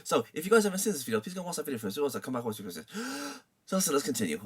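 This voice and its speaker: A man's voice: a little high, wildly swooping pitch, racing, slightly rough. A young man hosting a reaction video, talking casually with lots of stammering, fillers and laughter.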